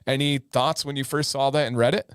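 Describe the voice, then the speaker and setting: Man, livestream co-host, enthusiastic storyteller, medium pitch, dry sound. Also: little pitch movement, a little fast, fairly bright tone, clean tone, no echo. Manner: enthusiastic, retells stories, reads viewer comments. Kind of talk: casual livestream chat.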